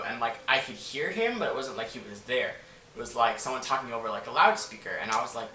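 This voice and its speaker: A man's voice: mid-range voice, quick pace, pushed and bright, slight background noise. A man telling a story in a casual vlog, rambling and swearing, with "like" in nearly every line. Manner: rambling, profane, full of "like". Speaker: vlogger. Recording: echoey room, mic set far off.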